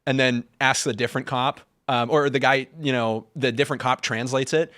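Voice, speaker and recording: A man chatting on a studio panel, telling stories in a relaxed, agreeable way. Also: medium pitch, normal speed, dry recording. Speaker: show regular. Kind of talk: casual panel chat.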